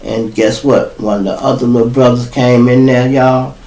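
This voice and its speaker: A man with a Chicago accent spins a profane, animated street story, calling his listeners y'all. His voice sits mid-range. He sounds set back from the mic in an echoey room. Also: mid-range voice, moderate pace, distant mic. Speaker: podcast host.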